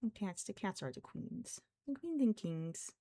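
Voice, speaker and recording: A woman's voice: medium pitch, big pitch swings, a little slow, warm tone, no echo. A woman streamer chatting casually while crafting, who talks to her cats in baby talk.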